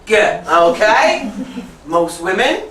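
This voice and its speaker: Woman english teacher, laughs a lot, jokes at herself, bouncy lively pitch, slow talker, echoey classroom from afar. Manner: playful, laughs often, teases herself. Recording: echoey classroom, distant mic, faint hiss.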